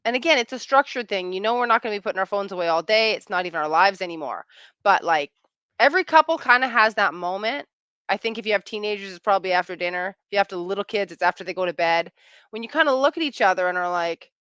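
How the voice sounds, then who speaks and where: Woman in her 30s, relationship coach, chatty, animated, dry close sound. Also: mid-range voice, fast, clean tone, dry recording, muffled recording. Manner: chatty, animated, acts out quoted lines. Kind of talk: interview answers.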